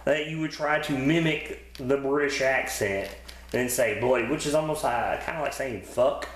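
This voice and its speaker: A man with a mid-range voice and normal speed co-hosts a podcast, chatting casually about wrestling episodes. His talk rambles, with profanity and plenty of fillers, and the recording carries a roomy echo.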